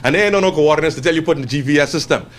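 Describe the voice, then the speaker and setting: A Bahamian man, a guest entrepreneur, tells a story to a class with an animated delivery and acts out the quotes in other voices. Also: on the high side, racing. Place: classroom with a live audience.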